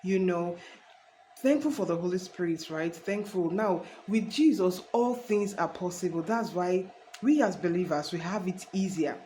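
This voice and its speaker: A woman's voice: lowish voice, moderate pace, mellow, slight background noise, poor audio. Earnest woman preaching casually. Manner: earnest and preachy, addresses viewer as honey; rambling with restarts. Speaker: faith vlogger. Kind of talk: casual faith talk to camera.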